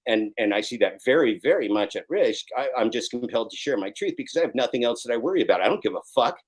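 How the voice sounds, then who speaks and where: A man in his fifties, a guest in a live online interview, talking intensely and swearing, at times rising to a shout. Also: mid-range voice, animated, fast talker, hardly any pauses, poor audio. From Oregon. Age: 50s.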